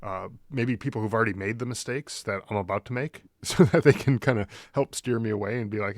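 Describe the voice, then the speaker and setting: A man's voice: fairly low pitch, a little fast, hardly any pauses, no echo, clean studio sound. A man hosting a podcast, reflecting thoughtfully in long winding sentences with repeated words. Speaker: podcast host. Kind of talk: reflective interview chat.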